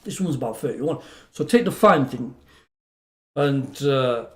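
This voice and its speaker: A middle-aged man from England, a lawyer guest on a podcast, telling funny anecdotes with a laugh and lively quoted voices. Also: mid-range voice, unhurried, roomy sound.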